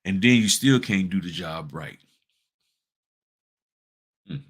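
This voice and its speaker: A man with a low-pitched voice hosts a casual talk on running a notary business. He speaks bluntly and colloquially, pressing his listeners with rhetorical questions as he walks them through his site. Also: animated, slow pace, slightly rough. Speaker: notary business channel host. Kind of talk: casual advice talk with screen walkthrough.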